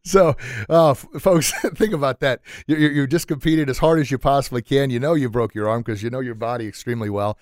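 A man hosting a podcast interview in a small sound room, excitable and quick to laugh, often stumbling over his words. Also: medium pitch, dry recording, clean studio sound. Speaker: podcast host. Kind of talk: casual chat.

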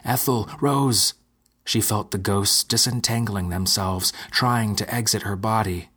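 A man narrating a dark fantasy story in a steady, measured way, with a husky voice. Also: lowish voice. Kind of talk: scripted narration.

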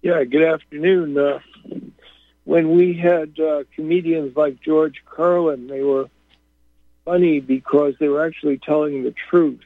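A man calling in to a radio show who speaks in a measured, thoughtful way. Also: fairly high pitch, steady tone, no echo. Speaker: caller. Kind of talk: call-in radio talk. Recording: tinny phone line.

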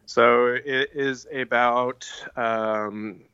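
Bright-voiced man casually recapping a movie. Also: mid-range voice, fairly even intonation, very slow, clean tone, dry recording, muffled recording. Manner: laid-back, rambling, with many fillers and restarts. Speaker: podcast co-host.

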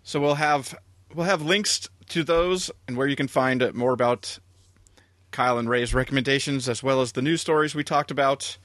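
A man's voice: mid-range voice, moderate pace, fairly bright tone, no room sound. Dry-voiced male podcast host. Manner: rambling, chuckling wrap-up announcements. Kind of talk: casual podcast chat.

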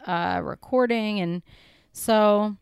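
A woman's voice: mid-range voice, slow, creaky, smooth, no echo, studio quality. A woman co-hosting a casual podcast chat from home, upbeat and chatty, trailing off with ums and likes. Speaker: podcast co-host.

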